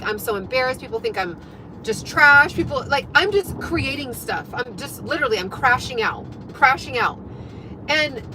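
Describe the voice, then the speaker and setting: A young woman telling a story to her viewers in a chatty, animated way, full of fillers. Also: high-pitched, slight background noise, low-quality recording. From United States. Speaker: fitness and life coach.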